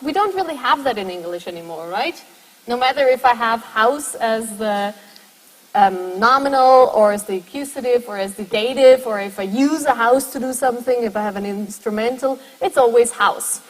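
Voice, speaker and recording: A high-pitched woman lecturing at a university, walking students through ideas and checking in with a quick "right?". Her voice carries a long reverb from a lecture hall. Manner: explanatory, often checks in with "right?".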